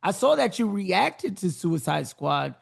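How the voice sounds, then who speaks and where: Gravelly, hyped-up podcast host. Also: mid-range voice, very animated, a little slow. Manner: hyped and encouraging, gives big shout-outs. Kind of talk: casual podcast interview.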